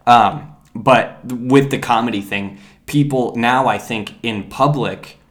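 A man's voice: mid-range voice, slow. A man in casual podcast chat who talks loosely with lots of fillers and casual swearing.

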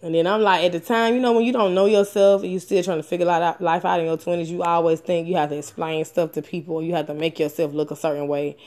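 A woman's voice: quick pace, hardly any pauses. Frank, profane woman telling her story. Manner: frank and profane, with many fillers and restarts; animated, with sudden rises in pitch and loudness. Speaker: storyteller sharing a personal experience. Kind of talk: candid personal storytelling.

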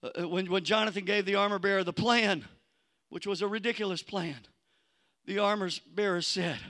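A male pastor, preaching a sermon and telling a Bible story, building to loud exhortation. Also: high-pitched, fairly even intonation, fairly quick.

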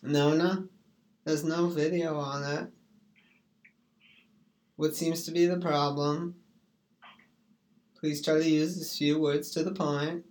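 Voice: medium pitch, little pitch movement, takes it slowly, pauses often, a little mellow. A streamer rambling in a casual chat, goofy, breaking into sing-song rhymes and silly put-on voices.

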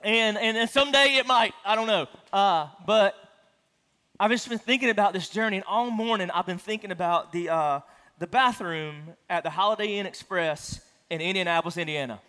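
A male pastor with a notably high voice tells a personal story from the pulpit in a loose, joking, self-deprecating style. His voice rings through a large church with a long, trailing reverb. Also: normal speed, bright, forceful tone, clean tone. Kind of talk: conversational sermon. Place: church sanctuary.

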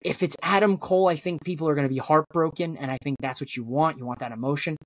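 A man's voice: a little high, quick pace, dry recording. A man guesting on a wrestling podcast, rambling through theories in casual chat, with lots of restarts.

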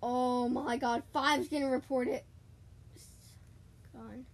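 A woman chatting casually while she plays a video game, excitable and talking straight to her listeners. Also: high voice, slow pace. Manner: chatty and excitable, keeps addressing "guys". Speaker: gaming podcaster. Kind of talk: casual gaming commentary.

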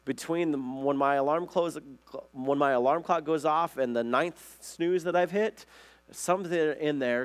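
A man delivers a conversational sermon in a slightly high voice. He speaks earnestly and keeps asking his listeners questions as he goes. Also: a little slow. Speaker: pastor.

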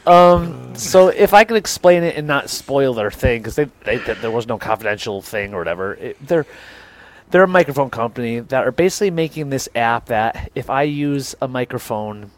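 A man's voice: mid-range voice, lively intonation, normal speed. A young man co-hosting a podcast, telling a rambling, self-deprecating story and acting out both sides of the conversation. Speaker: podcast co-host. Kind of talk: casual storytelling chat.

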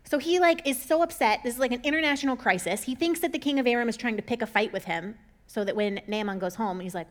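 A woman with a slightly high voice tells an old story in a relaxed, chatty way. She drops in sarcastic asides and slips into quick voices for the characters. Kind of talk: casual Bible story retelling.

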